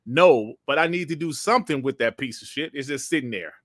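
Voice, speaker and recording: A man's voice: medium pitch, animated, fairly quick, fairly bright tone, no echo, clean studio sound. A middle-aged man hosting a casual livestream, talking in a laid-back, slangy and profane way. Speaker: host.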